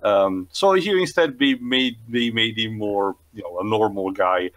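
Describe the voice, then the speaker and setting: A man's voice: on the low side, measured pace, a bit bright. Rambling man doing movie commentary. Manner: rambling, restarts phrases, laughs often. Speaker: podcast co-host.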